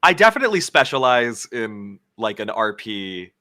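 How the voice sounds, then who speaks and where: Brief: male voice actor guest, lively pitch, bright tone, chatty and expressive. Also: moderate pace. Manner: animated, slips into British and American voices while telling stories. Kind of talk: casual roundtable chat.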